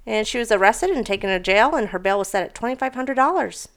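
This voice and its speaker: A woman's voice: on the high side, animated, fast talker, a bit bright. A young woman co-hosting a casual podcast, telling stories animatedly and swearing freely. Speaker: podcast co-host. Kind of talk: casual chat, reading odd news stories.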